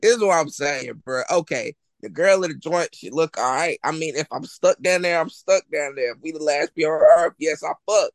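A man's voice: fairly high pitch, normal speed, few pauses, dry recording. A man from North Carolina with a North Carolina accent, co-hosting a casual film podcast, blunt and crude and laughing a lot. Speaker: podcast co-host. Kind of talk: casual chat.

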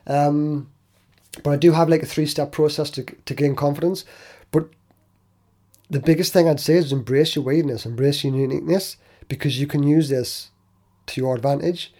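Man, podcast host, husky, warm mellow tone, earnest solo talk, frequent restarts. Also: on the high side, fairly even intonation, moderate pace, long pauses.

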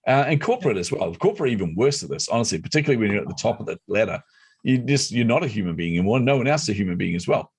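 A middle-aged man telling a personal story as an interview guest, animated and competitive. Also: lowish voice, racing, slightly rough. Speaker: guest, speaker and entrepreneur.

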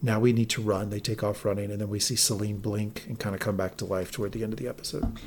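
A man co-hosting a podcast, recapping an episode in an animated, profane way and quoting lines of dialogue. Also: lowish voice, fast talker. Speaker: podcast co-host.

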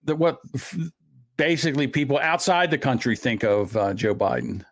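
Lively, blunt man in casual podcast chat. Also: medium pitch. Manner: blunt, crude, quick to react. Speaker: podcast co-host.

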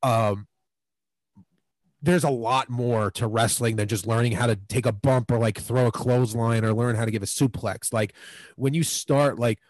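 A man's voice: medium pitch, steady tone, normal speed, darkish tone, dry recording, rough recording. A man in his twenties telling stories as a podcast guest, rambling with lots of fillers. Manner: rambling, filler-heavy, lots of "like" and "you know". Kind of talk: casual storytelling.

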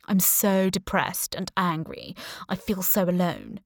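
Audiobook villain: cheerful middle-aged man with menace under it, read by a woman, low voice. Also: measured pace, no echo, studio quality. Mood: coldly dictating. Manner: calm, breezy, quietly threatening. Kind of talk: audiobook character voice.

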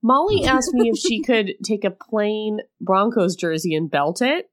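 A woman's voice: medium pitch, lively intonation, unhurried. A woman co-hosting a podcast, chatting casually in a wry, exasperated way and swearing now and then. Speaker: podcast co-host. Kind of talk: casual chat.

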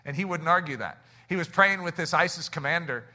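An American pastor preaching to a congregation in a high, strikingly bright voice. His sermon is animated, rising in bursts and then sinking low and quiet for effect. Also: a little fast. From United States.

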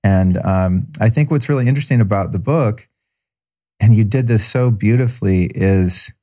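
Low, warm-voiced podcast host man. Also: normal speed. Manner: enthusiastic, effusive praise with fillers. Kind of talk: podcast intro and casual interview chat.

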